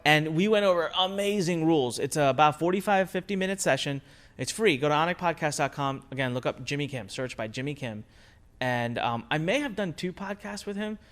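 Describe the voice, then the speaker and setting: A man teaching a recorded course lesson on marketing, talking in an energetic, conversational way, stressing his points and asking rhetorical questions. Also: fairly high pitch, brisk. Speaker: online marketing instructor.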